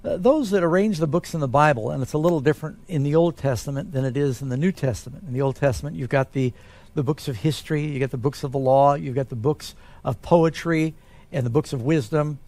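A man, a pastor, answering Bible questions in a relaxed, conversational way. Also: fairly high pitch, fast talker.

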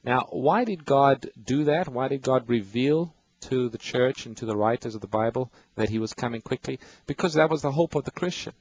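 A man's voice: mid-range voice, moderate pace, hardly any pauses, a little mellow, low-quality recording. A man hosting a radio Bible call-in show, patiently explaining scripture and reading verses to callers.

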